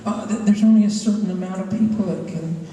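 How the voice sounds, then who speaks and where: A man from London performing a live stand-up set in a rambling, halting way. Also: sits high, steady tone, mellow, slight background noise. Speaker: stand-up comedian. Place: live comedy venue. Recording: echoey hall from far off.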